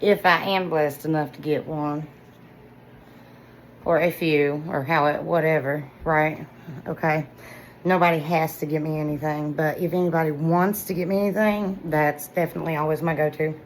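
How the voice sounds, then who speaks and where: A woman, chatting excitedly straight to her viewers about products she loves. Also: sits low, moderate pace, a little hiss or hum, low-quality recording. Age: 40s. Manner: excitable, chatty, talks straight to viewers with lots of "y'all" and "listen". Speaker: vlogger reviewing products. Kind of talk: casual product review vlog.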